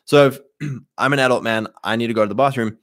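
A man's voice: mid-range voice, quick pace, dry recording, studio quality. Punchy man acting out voices. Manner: animated, acts out quoted voices, punchy. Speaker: host. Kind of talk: casual monologue to listeners.

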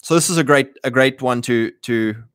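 A man's voice: medium pitch, normal speed, fairly bright tone, smooth, no echo, clean studio sound. A man hosting a livestream, rambling through casual political commentary and acting out quoted voices. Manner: rambling, many fillers and restarts, acts out quotes. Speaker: livestream host.

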